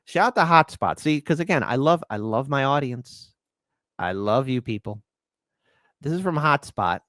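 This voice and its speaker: Host guy goofing around, lively up-and-down voice, dry close sound. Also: mid-range voice, moderate pace, no room sound. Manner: playful, riffing, shout-outs to fans. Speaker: show host. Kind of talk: casual political commentary.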